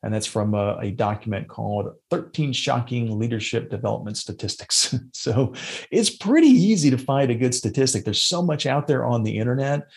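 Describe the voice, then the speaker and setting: Speaking at a normal pace with lively intonation, this podcast host gives relaxed how-to advice, often stumbling into fillers and restarting his sentences. His voice is mid-range and gravelly.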